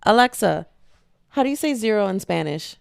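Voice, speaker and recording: Gravelly-voiced woman rambling on her podcast. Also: medium pitch, lively intonation, normal speed, no room sound, clean studio sound. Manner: rambling, self-deprecating, jokey. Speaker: podcast host. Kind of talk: solo casual podcast chat. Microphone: podcast microphone.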